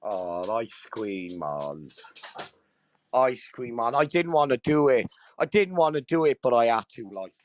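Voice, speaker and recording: A man chatting casually on a livestream from home, crude and mocking, swearing constantly, with sudden loud outbursts. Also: mid-range voice, moderate pace, slight background noise. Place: at home with dogs nearby.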